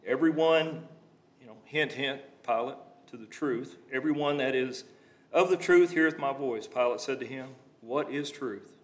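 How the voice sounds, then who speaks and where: A man's voice: medium pitch, normal speed. A man preaching a sermon, reading scripture aloud and breaking into plain conversational asides to explain it.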